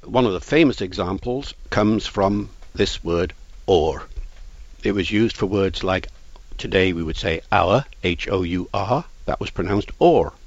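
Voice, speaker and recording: A man explains things in a measured, lecturing way while being interviewed. His voice sits fairly low. The recording sounds dull and lo-fi, with a dry, close sound. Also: no echo. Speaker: language expert guest.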